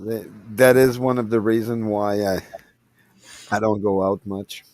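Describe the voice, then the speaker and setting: A man's voice: on the low side, steady tone, unhurried, darkish tone. A man in casual chat who agrees readily and stumbles over his words.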